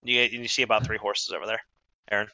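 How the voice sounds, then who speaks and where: A man narrating a tabletop game as game master, halting, with many fillers and restarts. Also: on the low side, little pitch movement, bright, forceful tone, dry recording, rough recording.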